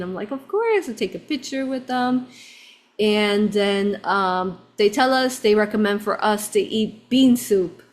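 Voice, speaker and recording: Woman telling a story expressively. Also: medium pitch. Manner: expressive, swinging between hushed and excited. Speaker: spiritual channeler. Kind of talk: live personal storytelling.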